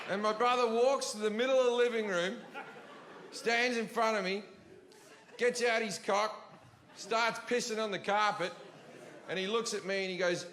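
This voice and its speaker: A man tells a crude story from a stage in a deadpan, profane style. His voice sits fairly high. The hall is roomy, with clear crowd noise behind him. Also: normal speed, pauses often. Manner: profane, deadpan anecdotal delivery. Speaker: stand-up comedian. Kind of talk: stand-up storytelling. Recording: roomy live venue with crowd. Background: audience laughter.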